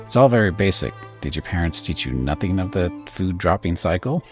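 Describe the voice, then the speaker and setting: A man's voice: deep voice, expressive, a little fast, faint music behind. Man reading as a cheery little Orlan singer. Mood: lecturing. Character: small eccentric male Orlan singer, cheerful and self-assured.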